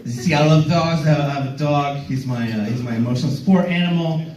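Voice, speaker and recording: A man's voice: fairly high pitch, fast, darkish tone, slight background noise. A man doing a stand-up comedy set in a club, rambling with stammered restarts and bantering playfully with the crowd. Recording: roomy club sound from far off.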